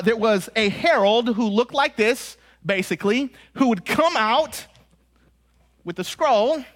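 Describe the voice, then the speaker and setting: A man with an American accent preaching a sermon, animated and conversational, with joking asides and acted-out quotes. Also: high voice.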